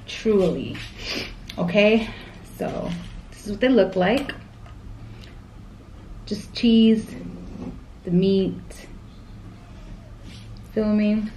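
A young woman talks casually and directly to her viewers, chatty and familiar. Her voice is mid-pitched and sounds echoey, with a faint hum of room noise behind it. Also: a little mellow. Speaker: vlogger. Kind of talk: casual mukbang vlog chat. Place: at home.

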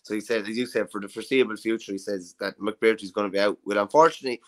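A man's voice: lowish voice, steady tone, racing, rough recording. A man with an Irish accent co-hosting a casual sports podcast, talking through his thoughts in a conversational way. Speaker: podcast co-host.

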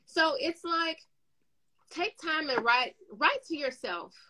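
Bright-voiced woman with a New York accent. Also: high-pitched, slow pace, rough recording. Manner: animated storytelling, acts out quotes. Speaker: business owner and beauty coach. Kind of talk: casual conversation.

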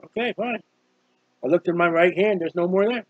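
A man's voice: high-pitched, moderate pace, pauses often, no room sound, muffled recording. A man preaching an informal sermon on a psalm, earnest and conversational, often repeating himself. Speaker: street preacher.

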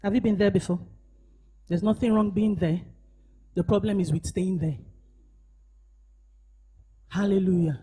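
At a church service, a woman pastor with a mid-range, slightly rough voice preaches unhurriedly with fairly even intonation and long pauses. She moves from shouted emphasis to hushed asides and prompts the congregation to respond.

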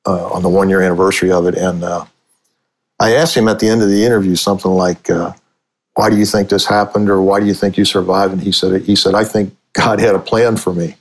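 Low-voiced older sportswriter telling stories. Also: male voice, steady tone, fairly quick, rough recording. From Cincinnati, USA. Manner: rambling storyteller with frequent restarts. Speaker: sportswriter and author. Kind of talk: conversational storytelling interview.

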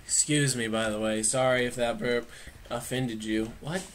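A woman's voice: rumbling low, fairly even intonation, moderate pace, a little hiss or hum. A woman playing a video game and chatting casually, playful and goofy, talking back at the game. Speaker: gamer. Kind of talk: casual let's play commentary.

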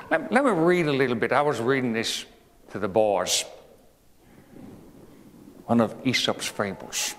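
A man tells a fable in a slow, homespun manner, wandering off into asides and quizzing his listeners. His pitch rises and falls with animation. A long hall reverb and faint room noise surround him. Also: sing-song. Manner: homespun, digressive, asks the audience questions. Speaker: historical reenactor as a 19th-century president. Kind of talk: folksy storytelling to children.

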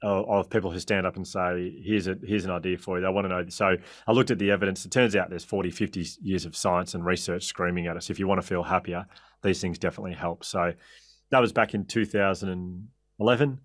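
An Australian man talks as an interview guest, recounting stories with energy, quick laughs and frequent self-corrections. His voice sits a little low. The sound is dry and close, with no room around it. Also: steady tone, no echo. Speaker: podcast guest. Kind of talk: anecdotal interview storytelling.

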